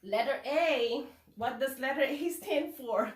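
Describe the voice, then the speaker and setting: A woman teacher from the Philippines with a Filipino accent, giving animated tips to fellow teachers, asking and answering her own questions. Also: high-pitched, slow pace, reverberant, distant mic. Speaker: kindergarten teacher.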